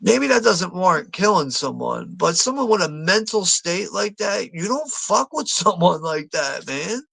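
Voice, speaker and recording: A man's voice: sits high, big pitch swings, measured pace, gravelly, hardly any pauses, pushed and bright, no room sound. A man hosting a live movie watch party, talking casually, swearing freely and laughing a lot. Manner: profane, laughs often.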